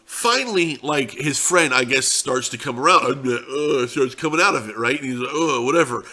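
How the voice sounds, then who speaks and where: A man's voice: medium pitch, lively intonation, moderate pace, pushed and bright. Profane, rambling young man telling a story. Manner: profane, rambling, laid-back. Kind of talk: casual anecdote.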